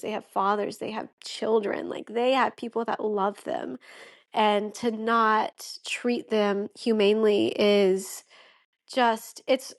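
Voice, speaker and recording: A young woman, a podcast guest, telling a heartfelt personal story with many "like"s and "um"s. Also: a little high. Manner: emotional, heartfelt, frequent "like" and "um".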